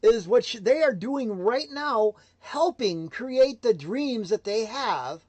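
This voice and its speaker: A man giving a motivational livestream talk, emphatic and swinging between loud declarations and hushed asides. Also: very high-pitched, animated, slow, dry recording. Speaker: motivational speaker.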